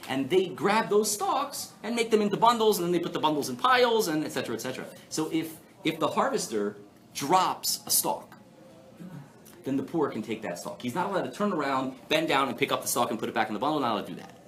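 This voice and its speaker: A man giving a live Torah class, animated and playful, asking the audience rhetorical questions. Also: fairly high pitch, fast talker. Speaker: rabbi teaching a class. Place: synagogue hall before an audience.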